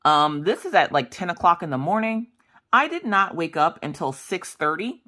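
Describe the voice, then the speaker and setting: A woman's voice: on the low side, big pitch swings, moderate pace, sharp tone. A woman in her thirties chatting casually while she crafts, rambling through family stories and acting out the dialogue. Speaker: crafting vlogger.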